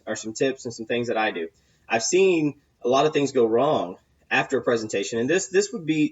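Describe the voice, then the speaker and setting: A man's voice: mid-range voice, highs cut off. A man giving casual sales advice, rambling and repeating himself, with many fillers and restarts. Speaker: sales coach.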